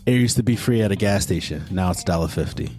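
A man's voice: low voice, animated, fast talker, darkish tone, soft background music. A man hosting a casual podcast with his friends, upbeat and laughing often as he hypes the others. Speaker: podcast host.

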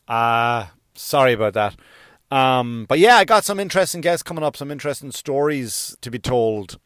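Rambling middle-aged podcast host. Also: male voice, mid-range voice, a little fast. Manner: rambling, self-deprecating, swings into loud sung outbursts. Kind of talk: casual comedic monologue. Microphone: podcast microphone.

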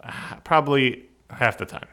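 Podcast co-host, male, bright forward tone, loose rambling delivery. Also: medium pitch, normal speed. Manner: self-deprecating, rambling with restarts. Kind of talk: casual chat.

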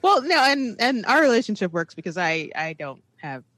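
A woman's voice: mid-range voice, sing-song, moderate pace, a bit bright, no room sound. A woman in casual chat, playful and teasing, laughing often.

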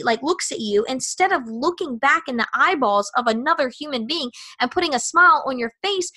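A woman hosting a podcast, telling a personal story in a chatty, animated way and acting out her own thoughts. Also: high voice, a little fast. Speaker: podcast host.

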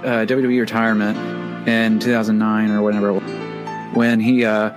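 A man's voice: fairly low pitch, little pitch movement, moderate pace, music in the background. A man co-hosting a podcast, chatting casually with lots of hedging and giggles. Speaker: podcast co-host. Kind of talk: casual chat.

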